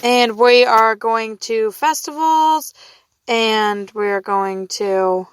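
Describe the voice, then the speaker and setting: A woman recounts her festival weekend in a loose, rambling way, swearing casually and breaking off mid-thought. Her voice sits a bit on the high side. The sound is dry and close, with no room echo. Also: slow, clear, resonant tone. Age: young adult or middle-aged, mother of two daughters. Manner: chatty and rambling, swears freely, trails off and restarts. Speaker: vlogger recounting a festival trip. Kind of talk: casual storytelling monologue.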